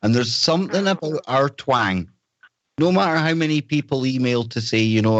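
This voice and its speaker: A man's voice: medium pitch, expressive, moderate pace, a bit bright, no echo, lo-fi sound. A man from the north of Scotland with a Scottish accent, hosting a podcast in a joking, rambling chat. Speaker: host.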